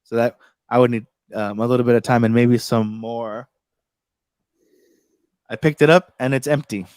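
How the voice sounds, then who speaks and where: A man's voice: medium pitch, fairly even intonation, normal speed, a little mellow, clean tone, no room sound. An American man hosting a casual tech livestream chat, joking around and swearing freely. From United States. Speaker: host.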